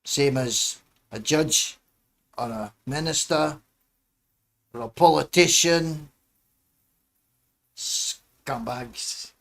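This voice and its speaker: A man's voice: on the high side, slow, long pauses. A man hosting a livestream, chatting casually and rambling between musings and muttered asides. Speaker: livestream host.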